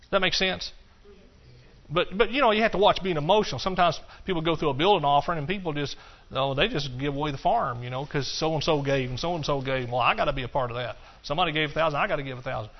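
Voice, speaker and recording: Preacher guy in a church, folksy and lively, kinda high voice, dull lo-fi recording. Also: fast. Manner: folksy and animated, swings between loud and hushed. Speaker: pastor. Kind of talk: sermon.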